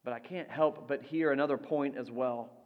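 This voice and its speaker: A man preaching a sermon as pastor, slow and deliberate, letting his voice drop soft for quoted lines. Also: mid-range voice, phone-quality sound. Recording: long reverb of a large hall.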